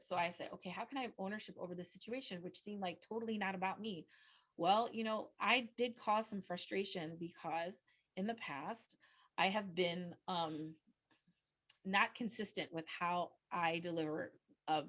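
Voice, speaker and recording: A middle-aged woman giving a webinar presentation into a close microphone, earnest and chatty, often restarting her sentences and jumping up in pitch when excited. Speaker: nonprofit communication trainer.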